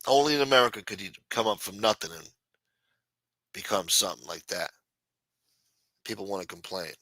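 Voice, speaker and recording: A man's voice: on the low side, animated, brisk, bright, forceful tone, dry recording, low-quality recording. A man hosting a late-night talk show, ranting bluntly with lots of profanity. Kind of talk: casual talk-show rant.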